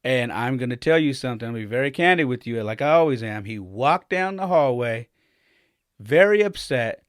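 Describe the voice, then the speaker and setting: With lively intonation and a brisk mid-range voice, a forties-aged podcast host shares a candid family tale. He performs the dialogue, his voice rising as he heats up, recorded at studio quality with no echo.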